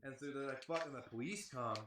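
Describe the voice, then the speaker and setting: A man's voice: mid-range voice, quick pace, a bit bright, roomy sound, slight background noise. A man telling a rambling, profane story in casual chat, with a lot of "like". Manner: rambling, heavy swearing, lots of "like". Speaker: band member telling a tour story.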